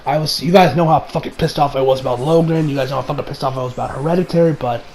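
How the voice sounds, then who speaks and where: A high-voiced man rambles through a casual anime review at home. He leans on fillers and restarts and swears freely. A faint hiss of noise sits under the recording. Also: very fast, a little mellow, rough recording.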